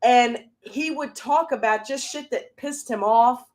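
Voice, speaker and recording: A woman's voice: fairly high pitch, a little slow. A woman hosting a casual motivational livestream, talking in an emphatic, chatty storytelling way. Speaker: motivational show host.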